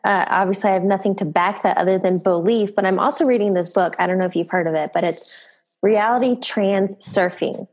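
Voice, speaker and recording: A woman's voice: medium pitch, a little fast, darkish tone. A woman hosting a casual conversation, eager and agreeable as she responds. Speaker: host.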